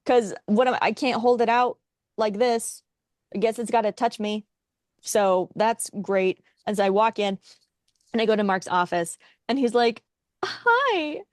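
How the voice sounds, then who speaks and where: A young woman co-hosting a casual chat, telling a story in a wry, animated way and acting out what others said. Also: medium pitch, moderate pace, dry recording, clean studio sound. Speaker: podcast co-host.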